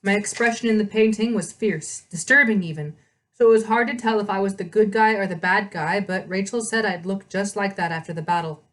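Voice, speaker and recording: A woman hosting a read-aloud, reading a novel with chatty asides and quick self-corrections. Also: mid-range voice.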